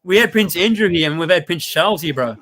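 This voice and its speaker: Fast-talking blunt Australian bloke. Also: male voice, a little high, expressive, bright, forceful tone. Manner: blunt and slangy, lots of filler. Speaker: livestream co-host. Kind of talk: casual livestream chat.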